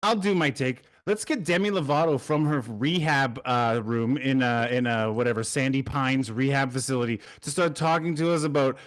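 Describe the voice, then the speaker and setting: A man with a middle-pitched voice co-hosts a casual chat. He makes blunt, sarcastic points and scoffs at the topic. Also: normal speed, hardly any pauses, fairly bright tone. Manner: sarcastic and blunt, mocking takes. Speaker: co-host.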